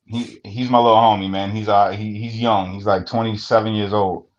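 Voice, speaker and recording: A podcast co-host with a lowish voice and level tone tells casual stories at normal speed. He's plain-spoken, blunt, and profane. The recording has a dull, lo-fi quality.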